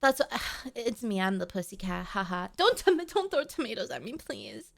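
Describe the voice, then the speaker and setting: A woman's voice: mid-range voice, wildly swooping pitch, moderate pace, vocal fry. A woman streamer chatting casually with her live chat, playful and melodramatic, often pleading with viewers.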